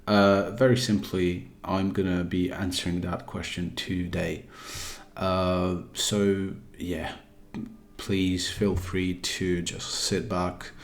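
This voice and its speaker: A man with a somewhat low voice talks casually over gameplay footage in a put-on British accent. He rambles and hesitates, restarting his sentences as he works through his point. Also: flat delivery, slow. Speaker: gaming YouTuber.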